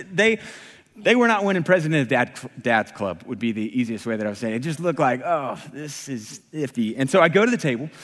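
A man with a fairly high voice tells a funny story from the pulpit, animated and quick to laugh at himself. His voice rings out with a long reverb across a large hall. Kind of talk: humorous personal story in a sermon.

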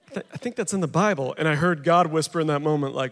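A man in his thirties shares his testimony in a loose, chatty way, full of fillers and asides. His slightly high voice carries the long reverb of a big church hall. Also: fast talker, fairly bright tone. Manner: casual, chatty storyteller with many fillers. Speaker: speaker sharing his testimony at a recovery ministry. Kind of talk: humorous testimony talk.

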